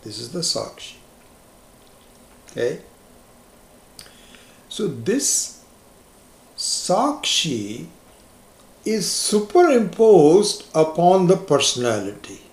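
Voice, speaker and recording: A man giving a slow, reflective spiritual lecture as a teacher, stressing key words with rising emphasis. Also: a little high, very animated. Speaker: Vedanta teacher. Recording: echoey lecture room.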